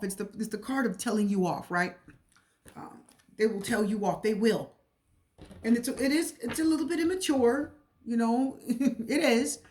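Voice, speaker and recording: Brief: a chatty woman tarot reader with a fairly high voice who repeats herself and turns emotional. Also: a little mellow. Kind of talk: casual tarot reading to camera.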